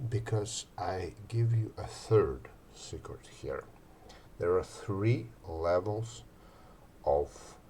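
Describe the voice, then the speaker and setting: A man with talks in a slow, drawn-out way, pausing on fillers. His fairly low voice swings widely in pitch and loudness. A faint background noise sits under the recording. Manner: slow, rambling, many fillers, swings between loud and quiet. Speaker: channel host. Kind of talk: casual talk on relaxation and rapport.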